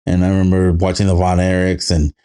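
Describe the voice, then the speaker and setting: A man co-hosting a casual podcast, laid-back and swearing freely, slipping into animated quoted voices as he tells stories. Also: deep voice, quick pace, clean tone. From immigrated to the United States as a child. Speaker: podcast co-host. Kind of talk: casual chat.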